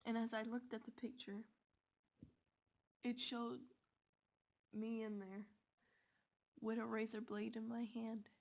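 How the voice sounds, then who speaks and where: Slow creaky woman telling a scary story. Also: fairly high pitch, little pitch movement, darkish tone. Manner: slow, dramatic retelling in first person.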